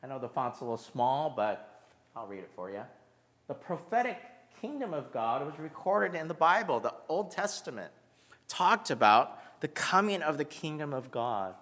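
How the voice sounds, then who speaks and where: A man's voice: fairly high pitch, very animated, normal speed, fairly bright tone. A man giving a conversational sermon with self-deprecating humor, from the United States. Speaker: pastor. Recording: reverberant hall.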